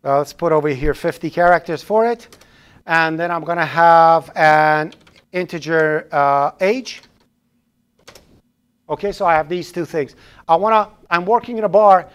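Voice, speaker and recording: A man's voice: fairly high pitch, unhurried, fairly bright tone, clean tone. A man teaching a programming class live in a classroom, chatty, often restarting phrases and throwing in joking asides. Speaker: programming instructor.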